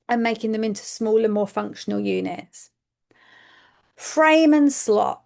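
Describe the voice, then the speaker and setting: A woman with a somewhat high voice talks educators through a webinar as a speech and language therapist. She explains step by step, often asks her listeners "okay?" and repeats words for emphasis. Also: a little mellow.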